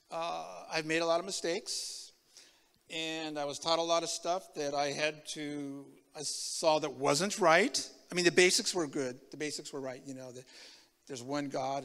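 A man in his seventies giving a testimony sermon as a preacher, an animated storyteller who acts out the dialogue. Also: fairly high pitch, in a large hall. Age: 70s.

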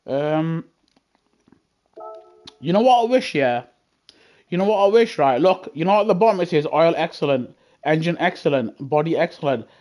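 A man chatting casually on a gaming live stream through a headset, effusive and excitable as he gushes at his viewers. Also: a little high, normal speed, pauses often. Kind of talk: casual live-stream chat while racing.

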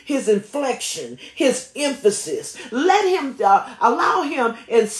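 A woman pastor preaching a sermon in an animated way, stumbling over repeated words and rising into fervent prayer. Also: high-pitched, roomy sound. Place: church sanctuary.

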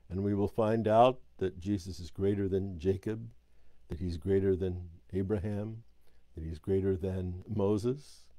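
Male Bible teacher, warm mellow voice, measured reading with explanations, dry close sound. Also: on the low side, no room sound. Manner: measured, explanatory, pauses to correct slips. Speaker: Sabbath School teacher. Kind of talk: scripture reading with commentary.

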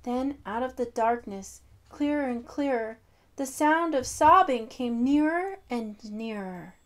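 Slow, expressive woman storyteller. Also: high-pitched. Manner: slow, expressive, sing-song. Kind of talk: reading a children's picture book aloud.

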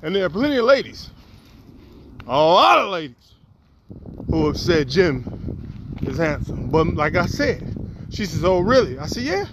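A poet and vlogger walks outdoors on a windy day, telling a personal story and acting out what people said. His voice is on the high side and a little slow, with frequent pauses, and faint wind and outdoor noise can be heard.

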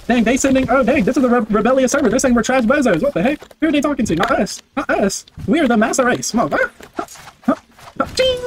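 A man giving loud, excitable gameplay commentary, full of brash trash talk, swearing and repeated barked commands. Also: very high voice, fast talker, a little hiss or hum. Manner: barks repeated commands and chants. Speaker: gaming video creator.

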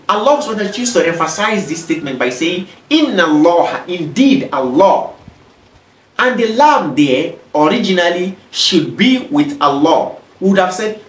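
A man teaching Arabic grammar in an online lesson, speaking slowly and deliberately and repeating each example. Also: high-pitched. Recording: roomy, mic at a distance.

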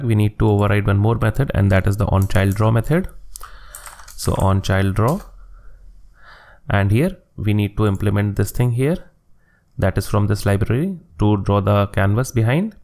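Low gravelly man explaining code. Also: moderate pace. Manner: steady step-by-step explaining, narrating each click. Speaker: coding tutorial host. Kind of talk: screen-recorded coding tutorial.

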